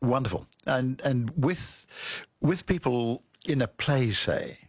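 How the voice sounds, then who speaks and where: Husky man asking measured questions. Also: mid-range voice, expressive, no echo. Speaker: radio host. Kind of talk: radio interview.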